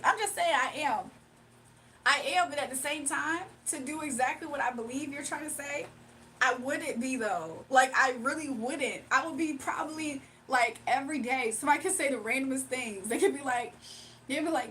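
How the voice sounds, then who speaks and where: A woman hosting a casual livestream, talking straight to her viewers and chat, animated and laughing often. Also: high voice, normal speed. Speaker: livestream host. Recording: distant mic with faint background noise.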